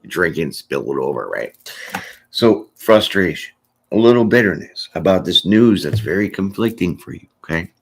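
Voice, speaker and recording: Deep gravelly man reading tarot. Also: lively intonation, moderate pace, slight background noise. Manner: chatty, laughs often, jokes and acts out little bits. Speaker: tarot reader. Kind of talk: casual live tarot reading.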